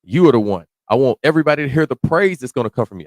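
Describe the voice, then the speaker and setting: Speaking close to the microphone in a dead, dry space, a man with an animated mid-range voice preaches a psalm verse by verse. After each careful, unhurried reading of scripture, he unpacks it in loose street-level talk that can swell into a shout.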